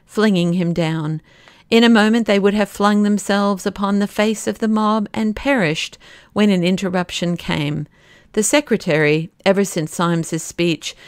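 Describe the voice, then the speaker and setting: A woman reading an audiobook in a measured storytelling manner. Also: lowish voice, clear, resonant tone, no echo, studio quality. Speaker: audiobook narrator. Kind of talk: scripted audiobook narration.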